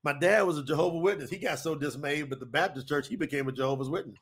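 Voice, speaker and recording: A man, preaching to an audience in a folksy, animated, repetitive way. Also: fairly high pitch, fast talker, breathy edge. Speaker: preacher and co-host.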